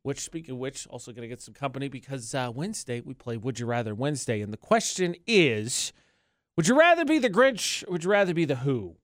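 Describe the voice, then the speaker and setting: A man's voice: medium pitch, very animated, no echo, studio quality. A man co-hosting a radio show, bantering playfully and arguing his points in casual chat. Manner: playful, argumentative, quick shifts in emphasis. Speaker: radio co-host. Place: radio studio. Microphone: close studio mic.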